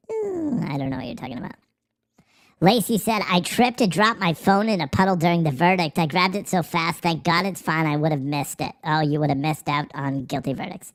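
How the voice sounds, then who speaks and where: A man hosting a livestream through a pitch-shifting voice changer, chatting casually while reading viewer comments, sarcastic and profane with frequent laughs. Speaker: livestream host. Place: office.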